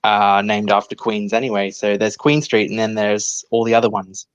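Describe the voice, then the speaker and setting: A woman, chatting in a relaxed, wry way on a livestream video call. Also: extremely low pitch, moderate pace. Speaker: stream guest. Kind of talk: casual group chat on a livestream.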